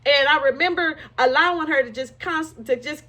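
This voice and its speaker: A woman's voice: high voice, normal speed, sharp tone, highs cut off. A woman frankly and emotionally telling her own life story, with rueful laughs along the way. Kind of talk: candid personal testimony.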